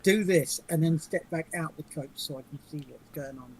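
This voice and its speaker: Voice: medium pitch, normal speed, breathy edge, rough recording. A player in an online tabletop role-playing game, hesitant and thinking aloud while planning a move. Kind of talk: casual tabletop play. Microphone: online voice call.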